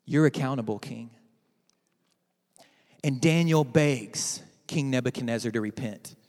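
A man preaching a sermon to his church, dramatic and swinging from loud to hushed. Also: mid-range voice, measured pace, in a large hall. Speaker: pastor.

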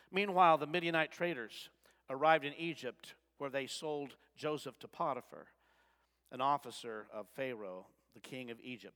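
A man's voice: high voice, fairly bright tone. A male pastor preaching a sermon, with dramatic swings and voices he acts out for his congregation. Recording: long reverb of a large hall.

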